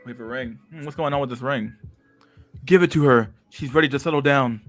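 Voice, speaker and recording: A male livestream host who rambles and swears his way through casual chat, dropping internet slang as he goes. His voice sits at a middling pitch. Faint music plays underneath. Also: a little fast, a bit bright, dry recording. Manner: rambling, crude, slang-heavy.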